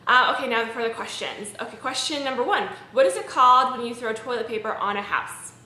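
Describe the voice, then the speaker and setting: A woman's voice: on the high side, a little fast, bright, forceful tone. A woman from Maryland chatting casually to her camera, rambling with lots of ums. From Maryland, USA. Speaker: vlogger. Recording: echoey room.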